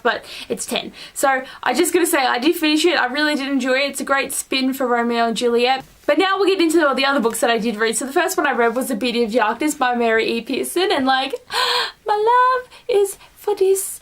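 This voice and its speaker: A young adult woman vlogging a monthly reading wrap-up in a gushing, excitable way, full of "like" fillers. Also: high-pitched. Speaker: book vlogger.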